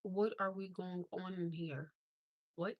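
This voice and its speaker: A woman with a fairly low voice and fairly even intonation rants on her livestream, taking it slowly. Blunt and exasperated, she grows more emphatic in her disbelief; the recording is muffled but has no echo.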